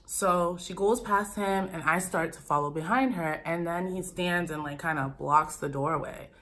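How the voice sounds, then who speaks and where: A woman's voice: fairly low pitch, normal speed, fairly bright tone. A young woman telling a dramatic personal story to her viewers in a casual storytime vlog, talking straight to them as "you guys". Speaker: YouTuber.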